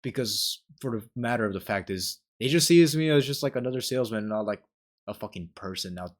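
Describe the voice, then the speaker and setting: A man's voice: mid-range voice, animated, brisk. A young man chatting casually as a podcast co-host, telling rambling stories full of swearing and acted-out quotes. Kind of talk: casual chat.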